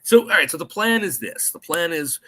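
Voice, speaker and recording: An American man co-hosting a podcast, chatting casually and eagerly about a spy film and slipping into quick mock voices. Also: a little high. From United States. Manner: animated, puts on mock voices in quotes. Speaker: podcast co-host.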